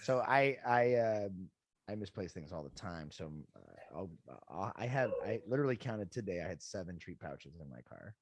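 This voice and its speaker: A man's voice: low voice, normal speed, background noise. A man, a dog trainer and guest podcaster, telling stories in casual chat with casual swearing. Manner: animated storytelling, swears casually.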